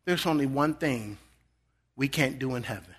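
A man's voice: mid-range voice, normal speed, slightly rough. A man preaching a sermon as a guest pastor, earnest and emphatic, often repeating words as he builds a point. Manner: earnest and emphatic, dropping to a soft voice for quotes.

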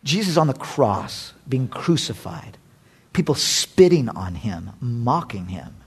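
A middle-aged man preaching a sermon as a pastor, impassioned, swinging between loud and hushed. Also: medium pitch, very animated, slow pace, husky.

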